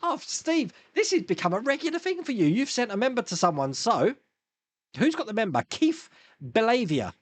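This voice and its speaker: A man's voice: very high voice, sing-song, moderate pace, dry recording. A man hosting a casual live stream, chatting and reading viewer comments with frequent chuckles and restarts.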